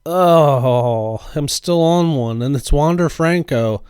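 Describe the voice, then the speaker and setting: A man narrating a pack-opening voice-over in a slow, deliberate commentary. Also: on the high side, darkish tone, smooth, dry recording, clean studio sound. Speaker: card collecting channel host. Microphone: voice-over recorded after the footage.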